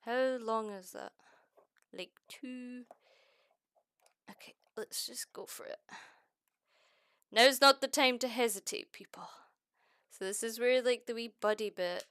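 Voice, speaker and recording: Excitable Scottish woman, bright close voice. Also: a little high, a little slow, long pauses, clear, resonant tone, dry recording. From Scotland. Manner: excitable, exclaiming and swearing often. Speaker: streamer. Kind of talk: casual crafting chat.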